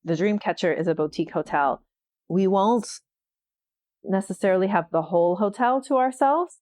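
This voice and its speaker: A woman's voice: medium pitch, normal speed, darkish tone. Chatty woman podcaster, coach vibe, laughs a lot, lots of "like" and "you know". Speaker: podcast host and writing coach. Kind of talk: casual solo podcast talk.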